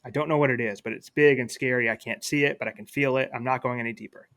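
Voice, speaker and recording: Nervous story shark read by a man, bright and plain. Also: medium pitch, steady tone, fast, natural voice. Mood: fearful. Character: scared shark afraid of the deep.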